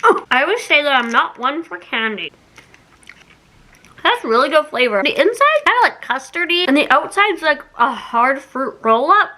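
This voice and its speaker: High bright-voiced young woman from canada, giggly chatty taste test vlog. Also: very animated, normal speed. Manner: chatty, giggly, self-mocking. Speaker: YouTuber doing a taste test.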